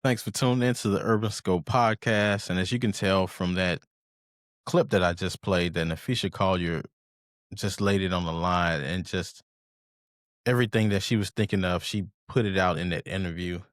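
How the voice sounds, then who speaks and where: A man's voice: low-pitched, fairly even intonation, moderate pace, dry recording, clean studio sound. A man hosts a podcast, commenting casually in a loose, rambling way with repeated restarts. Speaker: podcast host.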